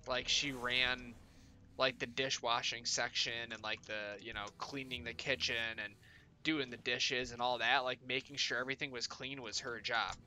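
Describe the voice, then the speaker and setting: A man streams and chats with his viewers, rambling through a story full of curse words and "like." His voice is very bright and sharp, set in the middle of the usual pitch range. The talk is loose and unscripted. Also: steady tone, moderate pace. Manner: rambling, heavy swearing, lots of "like". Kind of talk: casual chat with viewers.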